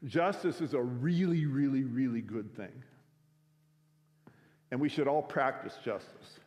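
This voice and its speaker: A man's voice: medium pitch, measured pace, darkish tone. Man preaching in a reverberant hall. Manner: conversational, frequent restarts. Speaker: pastor. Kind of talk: storytelling sermon. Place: school chapel or auditorium.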